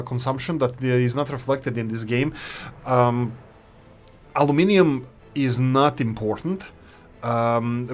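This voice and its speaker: A man, hosting casual gameplay commentary in a rambling, opinionated way. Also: medium pitch. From former Yugoslavia. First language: Serbo-Croatian. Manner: rambling, opinionated, self-correcting. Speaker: gaming channel host.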